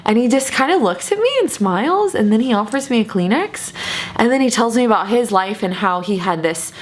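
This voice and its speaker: A young woman vlogger telling a personal story in a chatty, animated way, with lots of fillers and repeated words. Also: a little high, a little fast, slight background noise. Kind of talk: casual storytelling to camera.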